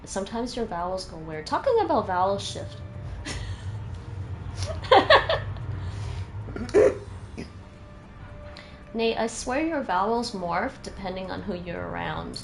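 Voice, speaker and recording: A woman's voice: mid-range voice, big pitch swings, takes it slowly, creaky, long pauses, soft background music. A woman with a Midwestern American accent chatting casually with her stream while playing a game, musing aloud and answering chat. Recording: noisy background hum.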